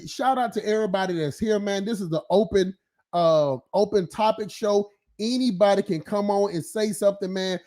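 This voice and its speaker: A man's voice: sits high, moderate pace, a little mellow. A man hosting an open-topic live stream, ranting casually and profanely with frequent laughs and filler phrases. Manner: profane, rambling, laughs often, filler-heavy.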